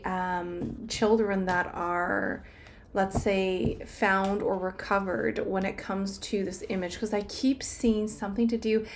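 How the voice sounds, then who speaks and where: A woman of medium pitch talks through a tarot spread in a loose, conversational way, with plenty of filler words. She speaks directly to her viewers as she turns over the cards. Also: slight background noise. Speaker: tarot reader. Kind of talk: casual tarot reading to camera.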